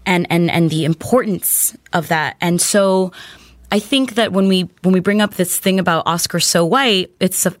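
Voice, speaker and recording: A woman's voice: on the low side, moderate pace, no room sound, clean studio sound. A woman hosting a casual podcast conversation, playful and thoughtful as she asks questions.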